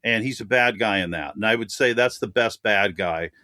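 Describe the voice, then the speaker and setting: A man's voice: on the low side, normal speed, sharp tone, no room sound, studio quality. A man chatting animatedly as a guest on a film podcast, laughing often and talking at length. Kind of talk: casual podcast chat.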